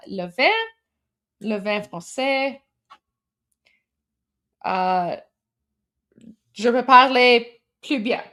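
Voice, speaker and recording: A woman hosting a reaction stream, eating while she mockingly comments on a clip and switches between English and halting French. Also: fairly high pitch. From Canada. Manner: mocking, scornful and animated. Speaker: host.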